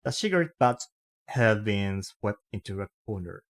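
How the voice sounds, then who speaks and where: A man's voice: on the low side, animated, moderate pace. A man reading a novel aloud, carefully and with small slips and restarts. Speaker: reader.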